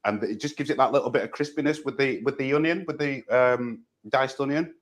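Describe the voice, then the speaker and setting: A man explains his dish during a live cooking segment, speaking in a chatty, halting way full of repeated words and fillers. His voice sits at an ordinary middle pitch. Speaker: cooking demonstrator. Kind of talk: live cooking demo chat.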